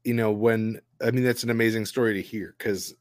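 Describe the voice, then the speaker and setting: Man, film guest, thoughtful, rambling, filler words, low pitch, dry close mic. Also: steady tone, fairly quick, darkish tone, dry recording. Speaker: guest writer and director. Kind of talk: casual film discussion.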